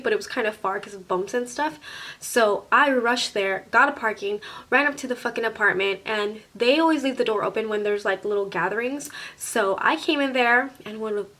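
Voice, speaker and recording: Animated young woman telling a story. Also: fairly high pitch. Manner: animated, swearing freely, acts out quoted lines. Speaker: vlogger. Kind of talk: casual storytime.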